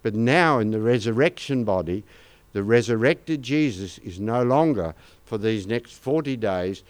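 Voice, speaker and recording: A man's voice: medium pitch, lively intonation, unhurried. An older Australian man giving a conversational sermon, with anecdotes and asides to the congregation. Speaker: pastor.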